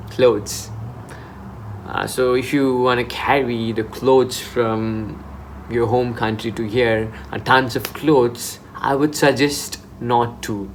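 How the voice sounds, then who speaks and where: Young guy rambling through vlog tips, average pitch, informal, restarts a lot. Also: slight background noise. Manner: chatty and informal, with frequent restarts. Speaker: vlogger. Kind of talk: casual advice vlog. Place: in Dubai.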